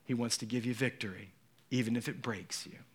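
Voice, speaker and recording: A man's voice: mid-range voice, a little fast, husky. A middle-aged male pastor preaching a sermon, telling the story dramatically and acting out the voices in quotes.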